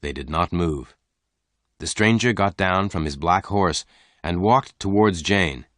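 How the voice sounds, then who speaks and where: Male narrator, very low voice, dry close mic, slow clear reading. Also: fairly bright tone, dry recording. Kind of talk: scripted story narration.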